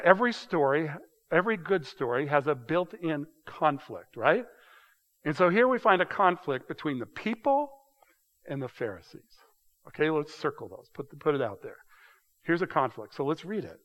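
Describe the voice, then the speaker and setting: Halting, slightly high-voiced male Bible teacher. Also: fairly bright tone. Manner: conversational, halting with frequent restarts and repeated words. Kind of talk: casual Bible study teaching. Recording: dull sound with long hall reverb.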